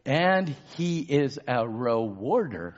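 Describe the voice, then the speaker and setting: A pastor preaching a sermon. He drops to a murmur, then shouts for emphasis and calls out to the congregation for amens. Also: very animated, slow, muffled recording. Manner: swings between low murmurs and loud shouted emphasis.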